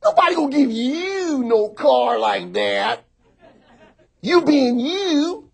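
A male pastor preaching a sermon, talking animatedly to his congregation and often bursting into shouts. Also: extremely high pitch, sing-song, slow pace, gravelly, some chatter behind.

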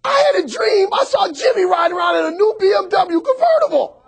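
High, wildly swooping shouting preacher man. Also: fairly quick. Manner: animated preaching, often bursts into shouts and calls out to the congregation. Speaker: pastor. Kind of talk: sermon.

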